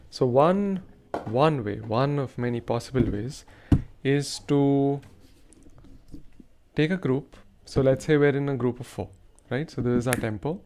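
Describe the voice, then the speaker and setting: A man's voice: mid-range voice, a little mellow. A man hosting a rhythm lesson, carefully explaining and reciting rhythm syllables in time. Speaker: rhythm teacher, show host.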